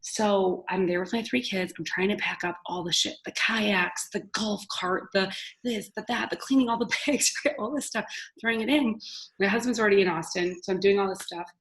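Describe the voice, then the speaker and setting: A woman, a podcast guest telling a story with lively, loud acted-out quotes. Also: medium pitch, moderate pace, low-quality recording. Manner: animated, acts out quotes loudly, laughs often. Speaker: podcast guest, business owner. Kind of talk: casual storytelling.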